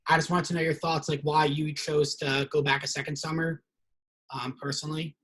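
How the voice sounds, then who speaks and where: A young man hosting a casual interview, who tells animated stories and acts out the quotes in them. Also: a little high, fairly quick, slightly rough, rough recording. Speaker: podcast host.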